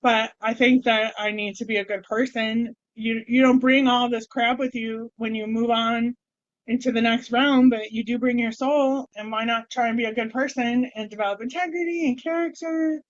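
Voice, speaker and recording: A woman's voice: a little high, fairly even intonation, normal speed, dry recording. A middle-aged woman vlogging in a candid, rambling way, with wry self-deprecating humor. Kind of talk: casual personal vlog. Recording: dull, dry sound.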